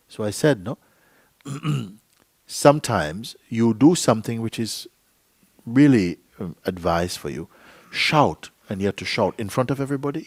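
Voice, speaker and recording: A deep, expressive male voice with a breathy edge moves at a moderate pace through a satsang talk in a meeting hall. The spiritual teacher is playful with the gathering, laughing a lot and performing brief dialogues, and the recording is dry.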